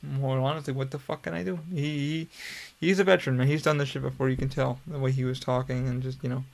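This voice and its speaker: A man's voice: medium pitch, little pitch movement, fast talker, creaky, darkish tone. A young man hosting a podcast, telling a long story in a casual, profane, rambling way. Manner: profane, rambling, laid-back. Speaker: podcast host.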